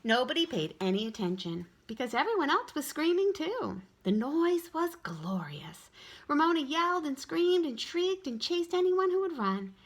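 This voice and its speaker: A woman tutor reading a children's storybook aloud in an expressive way. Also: high voice, normal speed. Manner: expressive, animated.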